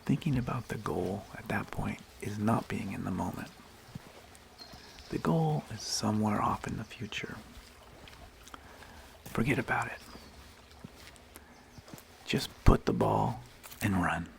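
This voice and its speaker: ASMR host, man, very low gravelly voice, slow gentle whispery delivery, faint outdoor hush behind. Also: slight background noise. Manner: whispery, gentle, unhurried storytelling. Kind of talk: soft-spoken ASMR talk. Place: outdoors on a nature hike.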